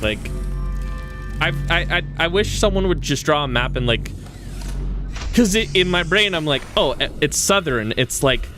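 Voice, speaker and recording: A man's voice: a little high, lively intonation, normal speed, pauses often, music in the background. A man from Western Canada chatting casually while streaming a game. He rambles, restarts his sentences and chuckles often. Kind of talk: casual gaming stream chat.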